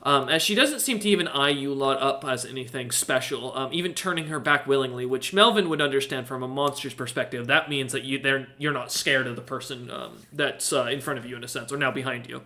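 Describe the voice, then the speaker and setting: A man's voice: medium pitch, fairly quick, few pauses, pushed and bright. A man narrating as game master of a tabletop game, rambling with many fillers and self-corrections.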